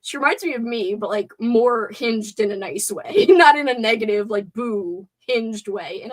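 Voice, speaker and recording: A young woman hangs out on a livestream, chatting loosely and reading her viewers' comments aloud as she goes. Her voice sits a little high, and she keeps a playful, rambling tone. She is talking from a room at home. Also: normal speed, hardly any pauses. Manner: chatty, playful, reads and answers chat aloud. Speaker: livestream host. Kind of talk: casual live chat with viewers.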